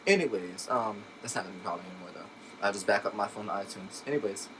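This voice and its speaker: A man chatting casually while unboxing a laptop, excitable and gushing, recorded on a phone at home. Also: fairly low pitch, fast, noisy background. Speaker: tech unboxing vlogger. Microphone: phone camera. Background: background music.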